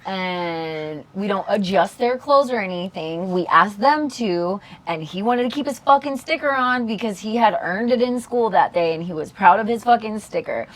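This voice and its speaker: A woman's voice: medium pitch, moderate pace, few pauses. A woman co-hosting a podcast in casual chat, telling a story with lots of swearing and quoted voices. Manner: animated storyteller, swears freely, mimics people. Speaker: podcast co-host.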